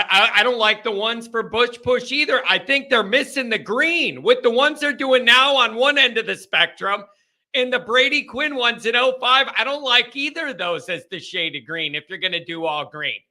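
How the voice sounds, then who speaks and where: A young man hosts a call-in fan show, with a high voice that sounds bright and forceful. He talks fast and loose and keeps the energy up, joking as he goes. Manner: hyped, jokey, sings a goofy jingle. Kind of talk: energetic casual livestream talk.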